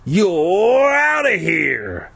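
A man's voice: wildly swooping pitch, drawn-out words, vocal fry, a bit bright, slightly rough, heavily acted. Man putting on a shrieking furious schoolgirl. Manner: shrill, scolding.

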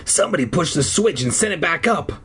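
A man's voice: a little high, animated, a little fast, a bit bright, slightly rough, pitched above the performer's own voice, full character voice. A man voicing a timid, frightened boy who pleads to go back.

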